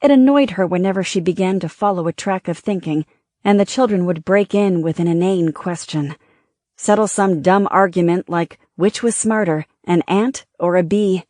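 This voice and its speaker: A woman narrating an audiobook with a steady, measured delivery. Her voice sits on the low side and the recording is close and completely dry. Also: no echo.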